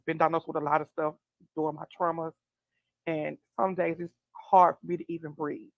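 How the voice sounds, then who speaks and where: A woman guest sharing an emotional personal testimony, tearful and earnest, speaking slowly. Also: low voice, level tone, gravelly, no room sound, muffled recording. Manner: tearful, heartfelt, slow and earnest.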